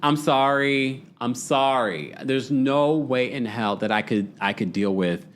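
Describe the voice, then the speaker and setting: A man hosting a podcast, casually recapping a reality show in an animated, gossipy way and laughing often. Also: medium pitch, unhurried, slight background noise. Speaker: podcast host.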